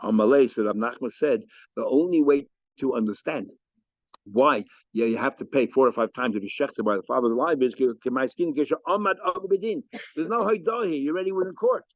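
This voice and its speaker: Fast-talking rabbi teaching a Talmud class. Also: male voice, mid-range voice, no echo. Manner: lively, animated, explains and asks questions. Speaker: rabbi teaching daf yomi. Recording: muffled lo-fi sound.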